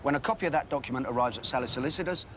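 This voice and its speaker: An actor playing a quick-tongued London con man with a Cockney accent, cheeky and combative in a TV drama. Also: mid-range voice, fairly bright tone, a little hiss or hum, lightly acted. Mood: bargaining. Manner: cheeky, fast-talking, trading insults. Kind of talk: TV drama acting.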